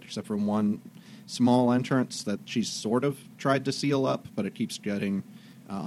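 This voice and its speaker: A man's voice: on the low side, darkish tone, a little hiss or hum. A young man running a tabletop game, summarizing events in a rambling way with many fillers. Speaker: game master.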